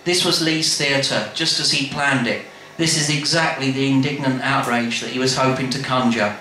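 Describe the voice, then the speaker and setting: A man reading his memoir aloud to a live audience in a bar, wry and animated, with quick asides. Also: medium pitch. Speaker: storyteller. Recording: echoey live room, faint background noise.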